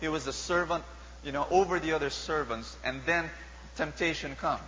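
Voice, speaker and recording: A man with a Filipino accent preaching a sermon, animated and mixing languages, asking the crowd rhetorical questions. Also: fairly high pitch, moderate pace. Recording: dull lo-fi sound with long hall reverb and faint hum.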